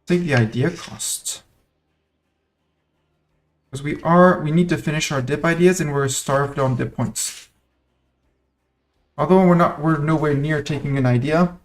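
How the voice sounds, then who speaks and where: A man's voice: a little high, measured pace, long pauses. A man giving casual live commentary on a strategy game he is streaming, thinking aloud and playfully talking to the nations on his map.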